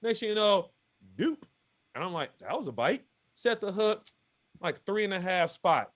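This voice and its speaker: Male guest, high pitch, casual and lively storyteller who voices the other people in his story. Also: normal speed. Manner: lively, acts out quotes of others. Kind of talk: animated storytelling.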